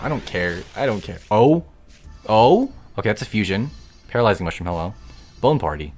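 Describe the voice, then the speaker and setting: Excitable young man streaming, low-voiced. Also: moderate pace. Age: young adult. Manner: excitable, grumbling, swears casually. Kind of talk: live gaming stream chatter.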